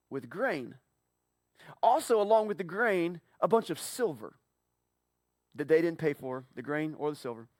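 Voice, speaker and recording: A man preaching a casual sermon, retelling a Bible story playfully and acting out the characters in quick asides. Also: fairly high pitch, dry recording, studio quality. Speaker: pastor. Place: church.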